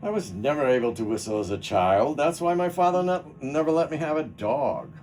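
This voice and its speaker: A man reading the part of a polite, reserved gentleman who keeps apologizing, at a play rehearsal. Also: mid-range voice, animated, brisk, slight background noise, close to an everyday voice, poor audio. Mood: wry. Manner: dry, formal, self-effacing. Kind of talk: rehearsal read-through.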